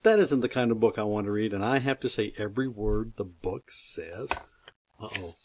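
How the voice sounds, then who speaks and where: An older grandfather reading a silly children's book aloud, playful and mock-exasperated, breaking into loud silly voices. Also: lowish voice, lively intonation, normal speed, a little hiss or hum. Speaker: reader.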